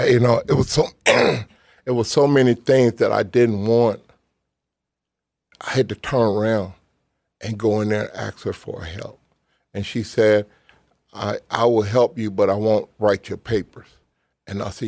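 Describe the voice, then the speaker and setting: Middle-aged guy, low gravelly voice, plain-spoken, lots of ums, dry room. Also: fairly even intonation, darkish tone, no room sound. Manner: earnest, plain-spoken, pauses with "um". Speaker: guest, former football player. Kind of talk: storytelling in a casual chat.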